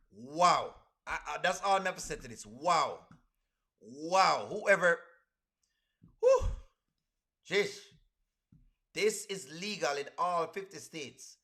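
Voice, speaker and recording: A man with a high voice reacts live to a video for his stream chat. He's animated and keeps repeating his exclamations.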